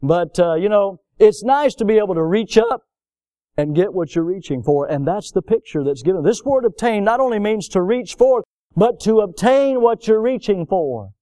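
Folksy preaching man, mellow voice. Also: high voice, expressive, moderate pace, no room sound. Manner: folksy storytelling, swings from loud emphasis to soft. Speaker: pastor. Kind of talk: sermon.

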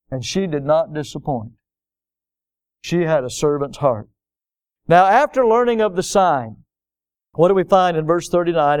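Middle-aged guy preaching a sermon, smooth clear voice, bit higher than most men, gets fired up and loud at the big points. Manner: impassioned preaching, rising to emphatic peaks. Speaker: pastor.

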